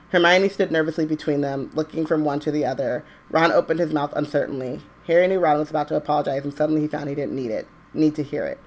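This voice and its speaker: A woman co-hosting a book podcast, reading a chapter aloud in a steady way and breaking off into blunt, joking asides. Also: low-pitched, brisk. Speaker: podcast co-host.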